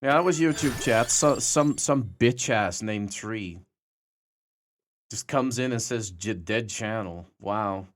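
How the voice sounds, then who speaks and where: A man's voice: medium pitch, slow, soft background music. A young man streaming live, chatting to his viewers and taunting a troll with profane mockery.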